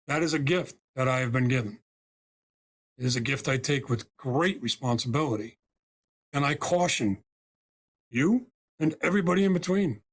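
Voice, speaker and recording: This podcast guest is an American man and spiritual healer whose mid-range voice carries an emphatic story. Along the way he repeatedly checks in by saying "right?" and "okay?".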